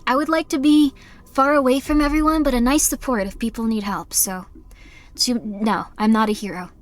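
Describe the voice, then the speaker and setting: A woman's voice: fairly high pitch, steady tone, moderate pace. A young adult woman chatting on a live game stream, rambling candidly, apologizing often and filling her talk with "like". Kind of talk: casual live-stream chat.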